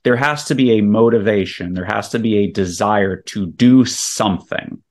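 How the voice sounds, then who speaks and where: A man's voice: on the low side, normal speed, a little mellow. A man guesting on a podcast, explaining sales tactics emphatically and walking through scenarios step by step. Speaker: real estate investor guest.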